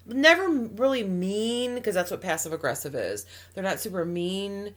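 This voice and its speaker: A woman's voice: medium pitch, big pitch swings, brisk, hardly any pauses. A woman co-hosting an advice podcast in casual chat, talking emphatically with trailing restarts and acted-out quotes. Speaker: podcast co-host.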